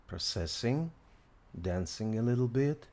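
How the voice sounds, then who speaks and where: A man hosting a casual software demo, excited and thinking aloud as he tries things out. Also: mid-range voice, measured pace, a little hiss or hum. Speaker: host.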